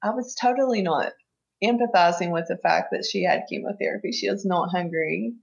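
A woman speaking as an interview guest, earnest and halting, with many fillers and restarts as she talks openly. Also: lowish voice, creaky, dull audio. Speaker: interview guest, family caregiver. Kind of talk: emotional personal conversation.

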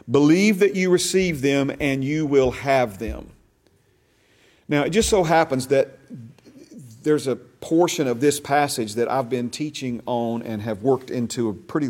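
A man's voice: mid-range voice, a little mellow. A man teaching a discipleship class, reading scripture aloud and stressing key phrases with emphatic repetition. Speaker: bible teacher.

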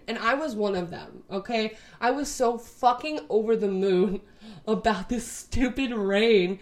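A woman's voice: a little high, normal speed. A woman in her twenties from Texas, chatting casually to her camera in a rambling, sweary way, full of "like". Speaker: vlogger.

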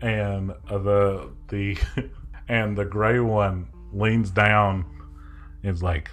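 A man narrating a tabletop game as game master, relaxed and chatty with many fillers. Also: lowish voice, extremely slow, faint music behind.

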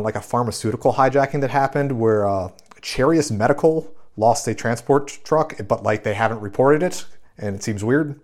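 Man, low voice, podcast host, casual recap. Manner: relaxed, filler-heavy recap. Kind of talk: casual chat recapping a film.

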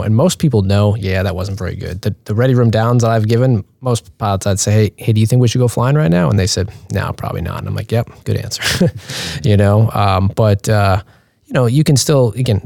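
A man who leads instructor pilots, giving direct, brisk advice in a roundtable talk. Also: on the low side, creaky, warm tone, no room sound.

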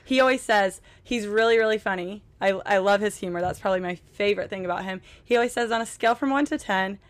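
A woman's voice: medium pitch, fast. A young woman from Utah, a podcast guest telling stories in a chatty, laughing way on a cruise ship. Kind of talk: casual chat. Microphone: podcast microphone.

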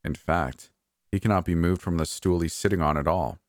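A man narrating a first-person horror story in a calm, measured, slightly wry way. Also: sits low, dry recording, studio quality.

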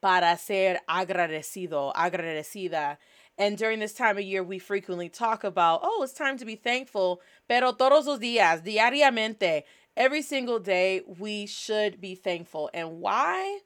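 A woman's voice: mid-range voice, lively intonation, moderate pace, a bit bright. A woman hosting a language lesson in a casual, upbeat teaching style, moving between English and Spanish. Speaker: host.

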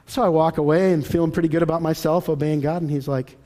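A man's voice: on the high side, fairly quick. A man teaching a church lesson in a conversational, storytelling way, acting out the dialogue in his anecdotes. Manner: lively storyteller who acts out dialogue, conversational. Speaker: Christian teacher. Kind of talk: sermon-style teaching with personal stories.

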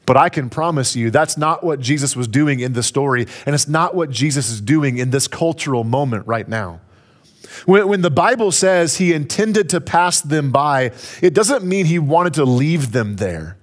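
A man's voice: on the high side, expressive, normal speed. A man preaching a sermon, emphatic and building to raised peaks, repeating key phrases for effect. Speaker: pastor.

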